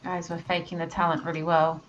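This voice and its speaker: A woman chatting casually while she draws, self-deprecating and quick to laugh. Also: fairly low pitch, little pitch movement. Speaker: co-host of an art stream. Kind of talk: casual chat while drawing. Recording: dull lo-fi call audio, faint noise.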